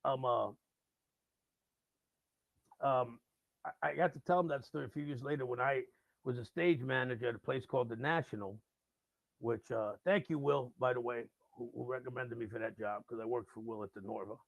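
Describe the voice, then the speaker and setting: A man, a radio host, telling a rock-and-roll story casually and acting out the people in it loudly. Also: medium pitch, normal speed, creaky, long pauses, no echo, highs cut off. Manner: animated, acts out quoted voices loudly. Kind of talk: casual live-stream storytelling.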